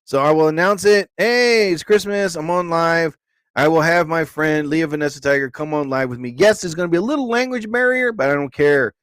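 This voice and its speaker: A man's voice: on the high side, animated, quick pace, hardly any pauses, a bit bright, smooth, no room sound. A man hosting a casual live stream, rambling and joking as he talks to his viewers.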